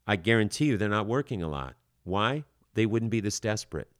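Emphatic man with a low voice, dry sound. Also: moderate pace, hardly any pauses, smooth, no echo. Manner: animated, emphatic, frequent filler words. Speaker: acting coach podcast host. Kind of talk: podcast advice talk.

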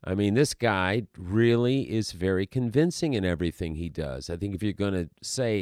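A man's voice: on the low side, normal speed, few pauses, a little mellow, dry recording, clean studio sound. A man who works as an actor, talking in a casual, rambling monologue full of restarts and asides.

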